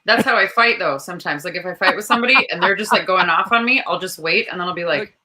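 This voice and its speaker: A woman's voice: on the low side, fast talker, bright, forceful tone. A woman co-hosting a podcast in casual chat, laughing easily. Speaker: podcast co-host.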